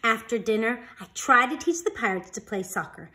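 A woman reads a picture book aloud in an animated storytime voice. Her pitch sits high and rises and falls widely, so every line sounds expressive. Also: moderate pace, a little hiss or hum.

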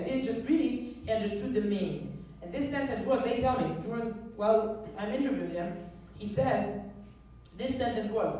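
Woman telling a story in an echoey hall. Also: a little high. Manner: animated storyteller with many restarts. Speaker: guest speaker. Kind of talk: storytelling talk to an audience. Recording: very echoey hall, mic from far.

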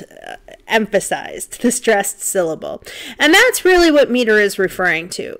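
A woman's voice: medium pitch, a bit bright. Casual woman lecturing on poetry slides. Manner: casual and conversational, thinking aloud, frequent ums, counting out beats. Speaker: literature instructor. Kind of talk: recorded lecture over slides.

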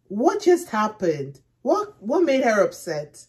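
Woman talking thru a movie reaction, slow and musing, keeps asking herself questions. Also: mid-range voice, huge pitch swings, darkish tone. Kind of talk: thinking aloud while reacting to a film.

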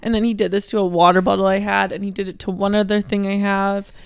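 A woman's voice: medium pitch, flat delivery, fast talker, smooth, no room sound. A woman co-hosting a casual podcast chat, rambling and self-correcting, often laughing. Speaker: co-host.

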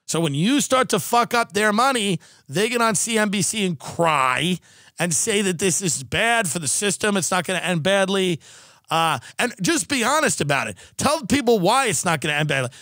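A man's voice: high-pitched, lively intonation, normal speed, sharp tone, dry recording, studio quality. A man hosting a podcast, delivering a sarcastic, profane comedic rant. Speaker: podcast host.

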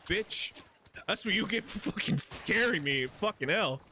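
Bright, profane male gaming streamer. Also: high voice, expressive, unhurried, a little hiss or hum. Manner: profane, jokey running commentary. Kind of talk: casual gaming commentary.

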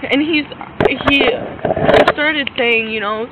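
A high-voiced woman pours out her side of a run-in to a police officer, agitated and close to tears. She talks fast and acts out what the others said. The sound is thin and phone-like, with loud street noise from an officer's body camera. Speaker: complainant speaking to police. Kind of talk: upset retelling of an incident. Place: outdoors by a fast-food restaurant. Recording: tinny body-cam audio, noisy street.

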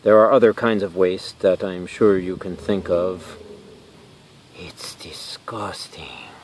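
A man's voice: low-pitched, fairly even intonation, normal speed, a little mellow, a little hiss or hum. A man hosting a comedic science lesson outdoors, talking earnestly and in a mock-serious way, easily flustered. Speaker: science show host. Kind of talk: comedic educational presentation. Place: outdoors in a natural area.

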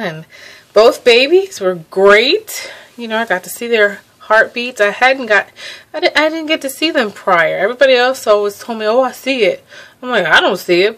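A young woman talks casually to her viewers in a vlog. She sounds a little out of breath, chatty and easily amused, breaking off sentences and starting them again. Her voice sits at an ordinary pitch for a woman. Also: fairly bright tone. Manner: chatty, laughs often, restarts sentences. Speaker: pregnancy vlogger.

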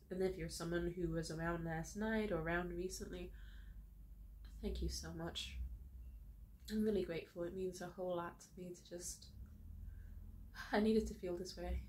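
A young woman talks to her viewers from home, tearful but happy, her voice a touch low as she gushes her thanks. She laughs through the crying and her words tumble out. A faint hiss sits under the recording. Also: a little mellow. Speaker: vlogger. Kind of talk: emotional direct-to-camera vlog. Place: home room.

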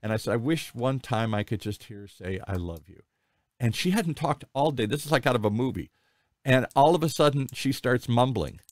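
A man in his sixties hosting an interview, telling personal stories in a candid, rambling, animated way. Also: medium pitch, fairly quick, dry recording, studio quality. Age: 60s. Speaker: podcast host. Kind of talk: conversational interview.

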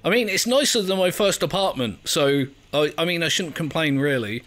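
Playing through a video game, a gaming video creator from England keeps up a chatty, self-mocking let's play commentary, frequently laughing and reading the on-screen text out loud. His voice sits a little high, a bit bright and animated, at a moderate pace.

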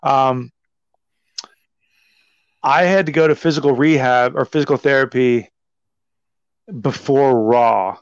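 A man guest telling a story in a casual, animated and profane way, full of "like". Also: mid-range voice, slow pace, pauses often, smooth, no room sound. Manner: animated, profane, heavy use of "like". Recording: slightly dull, dry sound.

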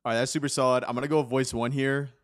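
A man's voice: mid-range voice, level tone, quick pace. A young man hosting a casual tech tutorial, upbeat and chatty, who says "y'all". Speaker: host.

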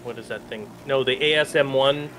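Dude-saying gamer guy chatting while he plays, mid pitch, faint hiss, gunfire going off behind. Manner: excitable, quick reactions, frequent "dude". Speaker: gaming channel co-host. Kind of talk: casual gameplay chat. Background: gunfire from the game.

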